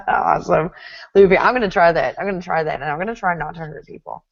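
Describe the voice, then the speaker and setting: A woman hosting a casual interview, talking in an animated, chatty way. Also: on the low side, quick pace, vocal fry. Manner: chatty, animated storytelling with laughs. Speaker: host. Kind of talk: casual chat. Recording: dull lo-fi sound.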